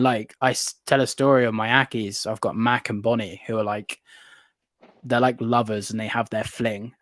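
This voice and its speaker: A British man in his late twenties or thirties, chatting as a guest and telling stories with animated excitement and bursts of laughter. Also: mid-range voice, no echo. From United Kingdom. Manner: excitable, animated storyteller who often laughs mid-sentence. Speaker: guest reptile keeper. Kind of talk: casual storytelling chat.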